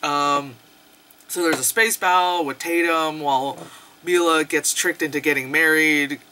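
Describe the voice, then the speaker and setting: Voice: medium pitch, steady tone, measured pace, bright, forceful tone, slight background noise. A young adult movie reviewer giving a casual, profane, sarcastic rant and laughing often.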